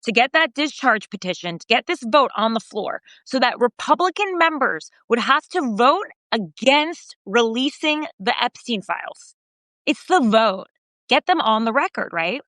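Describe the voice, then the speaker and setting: A woman podcast host and journalist recounting a story in casual conversation, animated and full of fillers, raising her voice when quoting others. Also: measured pace, no room sound, clean studio sound. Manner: animated retelling, voicing quoted remarks higher, frequent fillers.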